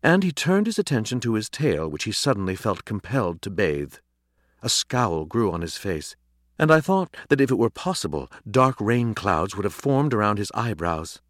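A man reading a storybook aloud with a wry, expressive delivery, recorded in a dry studio. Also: on the low side, normal speed, no room sound. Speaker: audiobook narrator. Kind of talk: scripted storybook narration.

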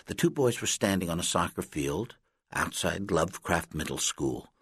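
A man narrates an audiobook in an unhurried, expressive storytelling style. His low voice swings widely in pitch and carries a bright, husky breathiness. The close recording is completely dry. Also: no room sound.

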